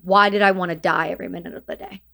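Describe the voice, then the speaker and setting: A woman's voice: fairly low pitch, fairly even intonation, racing, gravelly, pushed and bright. A woman in her thirties, a veteran guest on a podcast, telling her story candidly in casual interview talk and acting out quoted dialogue. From Canada.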